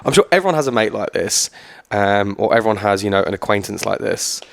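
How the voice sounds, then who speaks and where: Gravelly young man, dry close sound. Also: lowish voice, animated, quick pace, no echo. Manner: rambling, casual, with fillers and swearing. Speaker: podcast co-host. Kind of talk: casual chat.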